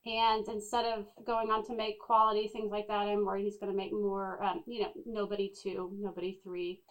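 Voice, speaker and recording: A woman reviewing a movie in casual chat, speaking in a measured, deliberate way. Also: medium pitch, level tone, rough recording. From Texas.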